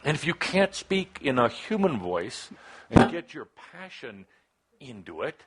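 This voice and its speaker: A man giving a channeled spiritual talk to a live audience, speaking in short broken phrases that swing from soft musing to emphatic, passionate urging. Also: medium pitch, big pitch swings, measured pace.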